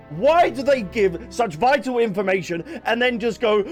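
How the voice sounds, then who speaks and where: A young adult man giving casual, rambling gameplay commentary as a streamer, excitable and full of restarts. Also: extremely high pitch, normal speed, hardly any pauses, soft background music. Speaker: gaming streamer.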